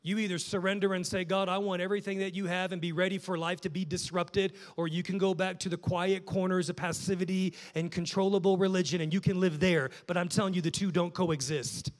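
High-voiced preaching man in a reverberant hall. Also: level tone, a little fast, few pauses. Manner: passionate preaching, swinging from loud urging to hushed prayer. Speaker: pastor. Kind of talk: sermon.

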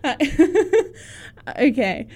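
A woman's voice: high voice, sing-song, drawn-out words, darkish tone. A young woman in casual chat, teasing and giggling as she reads reviews aloud.

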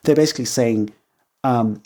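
A man's voice: normal speed, warm tone. A man from Zimbabwe with a Zimbabwean English accent, hosting a solo podcast in a chatty way and acting out quoted voices. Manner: chatty, acts out quoted voices with big pitch jumps. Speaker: podcast host.

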